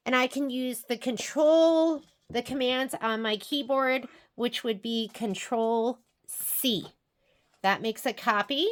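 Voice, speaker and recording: A woman with a slightly raised pitch leads a relaxed crafting lesson, narrating each click as she goes. She chats to herself and tosses friendly asides to the viewers while she works. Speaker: sewing and crafting instructor. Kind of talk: casual step-by-step software tutorial.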